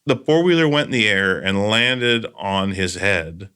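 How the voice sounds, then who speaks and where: A man's voice: on the low side, animated, a little slow, sharp tone, clear, resonant tone. A man hosting a podcast, telling stories in a casual, earnest way with trailing asides. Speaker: podcast host.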